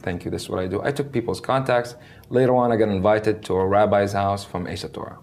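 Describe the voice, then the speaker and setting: A man's voice: lowish voice, rapid-fire. A man whose first language is Arabic, telling his story in an interview and acting out the dialogue he quotes. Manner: animated, acts out quoted dialogue. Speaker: interview guest. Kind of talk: conversational storytelling.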